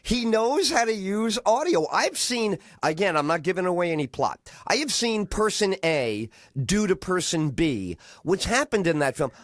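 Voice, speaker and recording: Animated, rambling male radio host. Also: high voice, moderate pace, few pauses, no echo, studio quality. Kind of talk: casual radio chat.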